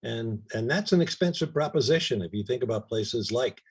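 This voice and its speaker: A man's voice: mid-range voice, lively intonation, brisk, husky. A male radio co-host in casual studio chat, telling wry anecdotes and often repeating "and, and.".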